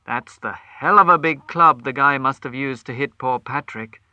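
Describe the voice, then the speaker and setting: A man's voice: medium pitch, moderate pace, sharp tone, no room sound, highs cut off. A man doing a hearty, blunt police sergeant. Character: gruff, hearty middle-aged police sergeant.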